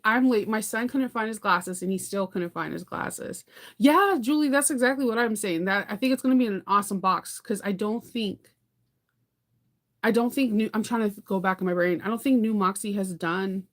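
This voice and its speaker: Chatty woman hosting a sewing livestream. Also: mid-range voice. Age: adult parent. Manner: chatty, rambling, laughs often, answers viewer comments. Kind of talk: casual livestream chat.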